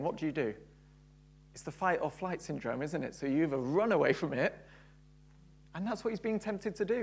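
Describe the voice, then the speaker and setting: A man's voice: on the high side, a little fast, vocal fry, husky. A man preaching a sermon, building to fervent emphasis and repeating key phrases.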